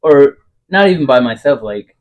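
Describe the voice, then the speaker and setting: A man co-hosting a casual podcast chat, eager and excitable, tossing in casual swearing. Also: mid-range voice, moderate pace, phone-quality sound. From Iowa, United States. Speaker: podcast co-host.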